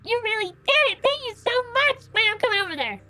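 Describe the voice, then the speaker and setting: Man putting on a shrill, bouncy little gnome boy, eager and gushing, bright tone. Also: sing-song, a little fast, soft background music, heavily acted. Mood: excited. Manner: squeaky, breathless, gushing. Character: excited little male gnome kid.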